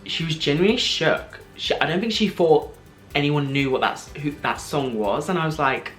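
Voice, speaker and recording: A young man in his twenties, excitedly retelling a personal story on his vlog, full of "like" and quoted back-and-forth. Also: a little high, normal speed, faint music behind. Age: 20s. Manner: gushing, breathless retelling full of "like" and "I was like". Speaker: vlogger.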